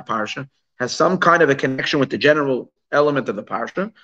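A man's voice: medium pitch, fast talker, bright, forceful tone, lo-fi sound. A man teaching a text study class, asking rhetorical questions and mixing Hebrew and Yiddish terms into his English explanation. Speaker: Torah teacher.

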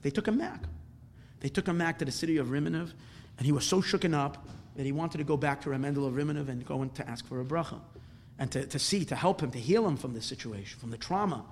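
Man, religious teacher, storytelling lesson, fairly high voice, repeats phrases, rises in volume at the climaxes. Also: fast, slight background noise. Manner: animated, repetitive storytelling that swells louder at dramatic points. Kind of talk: storytelling lesson ending in a blessing.

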